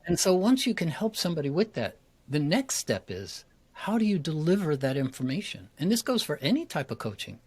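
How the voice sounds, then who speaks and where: A man who coaches public speaking, a guest in an interview, talking with energy and acting out his examples. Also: sits high. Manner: energetic and quick, acts out examples.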